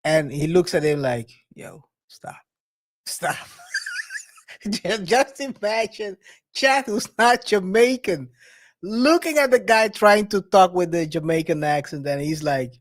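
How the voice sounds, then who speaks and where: A man co-hosting a podcast, chatting in an animated way with quick restarts and shout-outs. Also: sits high. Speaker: co-host. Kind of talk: casual podcast chat.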